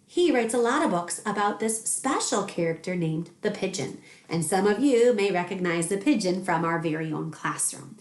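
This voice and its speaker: A woman teacher reading a picture book aloud to young children, expressive and gentle. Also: mid-range voice, echoey room. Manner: warm, expressive storytelling.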